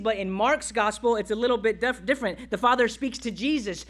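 A male pastor preaching a sermon, exhorting the congregation and dropping to quiet, tender asides. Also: high voice, normal speed, hardly any pauses.

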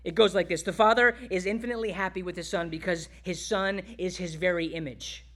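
A male pastor preaching a sermon, exhorting the congregation and dropping to quiet, tender asides. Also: sits high, steady tone, fairly quick.

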